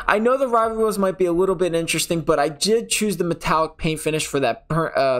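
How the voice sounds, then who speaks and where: Here the gaming host, a young New Yorker, sounds on the high side with a fairly bright tone. Chatting loosely over game footage, he rambles and keeps correcting himself partway through sentences.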